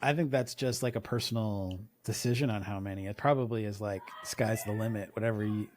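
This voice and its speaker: A man co-hosting a casual podcast, rambling and animated, often acting out characters' lines in quick impressions. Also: on the low side, no room sound. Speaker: podcast co-host.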